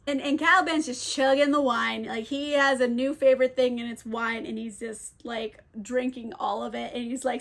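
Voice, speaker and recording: Give me a tipsy woman with a high voice, giggling and swearing through a casual retelling. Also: fairly even intonation, moderate pace, vocal fry, few pauses, fairly bright tone. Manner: giggly, swears a lot, heavy use of like. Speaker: book video creator.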